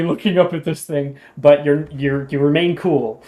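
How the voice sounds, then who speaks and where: A man's voice: a little high, fairly even intonation, moderate pace, mellow. A man running a tabletop game as game master, casual and rambling, often laughing as he narrates.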